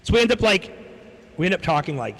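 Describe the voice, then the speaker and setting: A man's voice: high-pitched, big pitch swings, fast talker, fairly bright tone, faint music behind. A man streaming and telling a long casual story, swearing freely and acting out the people he quotes. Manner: rambling, swears a lot, acts out quoted people. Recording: long hall reverb.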